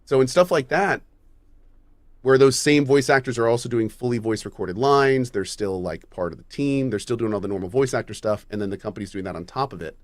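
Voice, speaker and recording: A man hosting a casual gaming talk show, musing aloud with halting restarts and casual swearing. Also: mid-range voice, dry recording. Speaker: podcast host. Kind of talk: casual gaming news discussion.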